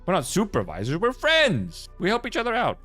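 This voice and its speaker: A man voicing a cheerful young farmer girl in a high, bubbly put-on voice while reading a game story aloud. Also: huge pitch swings, fairly quick, bright, forceful tone, faint music behind, heavily acted.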